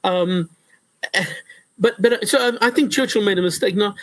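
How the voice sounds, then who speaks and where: A male professor answering interview questions in a lively conversational way, often restarting sentences and acting out quotes. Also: sits high, moderate pace, no echo, rough recording. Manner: animated, repetitive restarts, acts out quotes.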